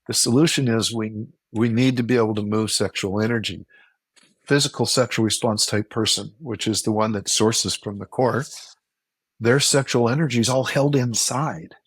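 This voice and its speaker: A man as a relationship expert in a casual interview, explaining at length and acting out quoted reactions with sudden jumps up in pitch. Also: slightly rough, no echo. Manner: animated, acts out quoted reactions with a jump in pitch; explanatory, repeats points for emphasis.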